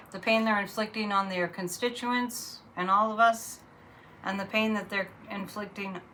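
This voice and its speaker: A woman's voice: medium pitch, bright, forceful tone, rough recording. A woman reading tarot cards in a casual, blunt, chatty monologue. Her voice rises sharply when she is incredulous. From Massachusetts. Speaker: psychic reader.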